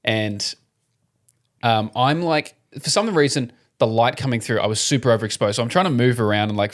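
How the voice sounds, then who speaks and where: A young Australian man co-hosting a podcast, telling a story in an animated, casual way, swearing freely and laughing often. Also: on the low side. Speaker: podcast co-host. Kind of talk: casual chat.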